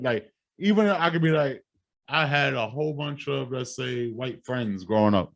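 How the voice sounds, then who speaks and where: A man's voice: mid-range voice, a little fast, no echo. Laid-back slangy male podcast co-host. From Puerto Rican heritage. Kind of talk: casual chat.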